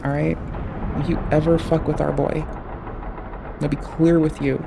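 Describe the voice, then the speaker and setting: A man streaming a game live, swearing in heated outbursts and then muttering low and grumbling between fights. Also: level tone, moderate pace, gravelly, background noise. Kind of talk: live gameplay commentary. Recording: loud game music behind voice.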